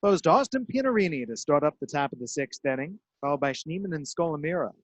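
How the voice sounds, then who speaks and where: A man calling baseball play-by-play in a crisp, measured style that leans into each out. His voice sits a little high, close and dry on a broadcast mic. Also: expressive, no echo. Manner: crisp, measured delivery with dramatic emphasis on outs.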